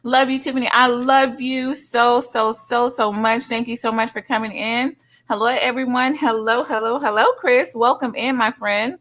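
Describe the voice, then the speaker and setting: A middle-aged woman hosting a livestream in casual chat, effusively greeting each viewer with loud, high greetings and calling people honey and sugar. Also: steady tone, normal speed. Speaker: livestream host. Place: son's home streaming setup.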